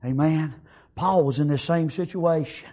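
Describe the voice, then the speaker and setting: A man preaching a sermon, rising to shouts and dropping to quiet, punctuating with "amen". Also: a little slow. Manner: swings from shouted high peaks to low quiet passages, frequent "amen".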